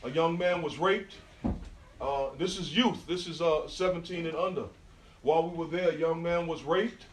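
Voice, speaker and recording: New york guy telling street stories in slang, kinda high voice, taped far off on a phone. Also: normal speed, a little hiss or hum. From New York, USA. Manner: street slang, animated storytelling with quoted dialogue. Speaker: guest speaker at an artist talk. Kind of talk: storytelling talk to an audience. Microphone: phone recording from the audience. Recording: distant phone recording.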